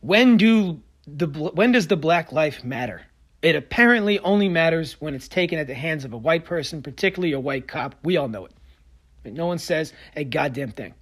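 In an expressive, brisk solo sports rant, a podcast host gets sarcastic and combative. His voice runs slightly high for a man, lurching between loud bursts and low, muttered side comments.

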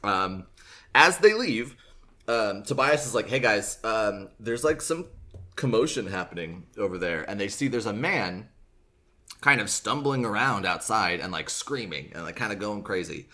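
Animated young man retelling a story. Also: lowish voice. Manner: animated, acts out characters' lines in quick asides. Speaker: podcast host. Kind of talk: casual chat, retelling a book.

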